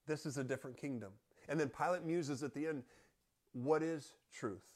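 A man reading scripture aloud and explaining it to a Bible study group in an earnest, measured way. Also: fairly high pitch, a little mellow.

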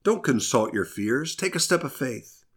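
A man playing a calm, patient male stranger who brings fire, speaking in a measured, reassuring way. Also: mid-range voice.

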